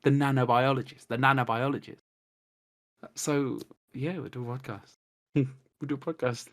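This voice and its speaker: Excitable English man on a podcast. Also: mid-range voice, normal speed. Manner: excitable, rambling storyteller who swears and laughs. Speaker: podcast guest. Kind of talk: casual chat. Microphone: cheap desktop mic on a video call.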